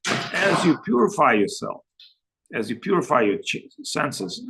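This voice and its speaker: Gravelly-voiced male spiritual teacher. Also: a little high, big pitch swings, background noise. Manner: anecdotal and joking, with halting, broken phrasing. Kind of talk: spiritual talk answering questions. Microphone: video call.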